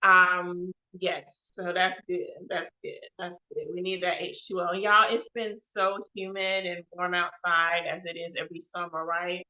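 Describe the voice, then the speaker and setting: Woman, livestream host, upbeat and loud, bright voice, dull lo-fi audio. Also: on the low side, flat delivery, a little slow, few pauses. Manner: chatty, upbeat and loud, calls out to the chat. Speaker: host of a live web show. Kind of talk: casual livestream chat.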